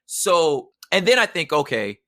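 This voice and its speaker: A man's voice: on the high side, very animated, unhurried, a bit bright, dry recording, clean studio sound. A man talking as a podcast guest in casual conversation, emphatic and slangy, often adding "you know what I'm saying".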